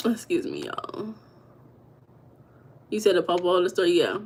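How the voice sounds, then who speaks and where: A woman's voice: lowish voice, wildly swooping pitch, a little slow, vocal fry, darkish tone, husky. A woman hosting a casual livestream, chatting and gossiping with her viewers and reading their comments aloud. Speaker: livestream host.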